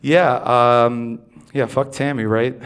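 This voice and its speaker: A man's voice: mid-range voice, steady tone, slow pace, a bit bright, clean tone. A man doing stand-up in a dry conversational way, teasing the crowd between jokes. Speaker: stand-up comic. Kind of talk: stand-up set. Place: comedy club stage.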